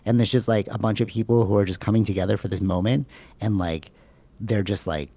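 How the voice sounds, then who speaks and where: Male podcast co-host, low and gravelly, rambling casual talker. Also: steady tone, a little fast, mellow, no echo. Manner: rambling, filler-heavy, says "like" and "bro" a lot.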